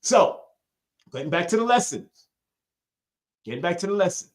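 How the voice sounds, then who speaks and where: Hosting a live-streamed spiritual lesson at normal speed, a man speaks in a sing-song voice. He is preachy and forceful, repeats lines for emphasis, and alternates between loud high outbursts and hushed low asides.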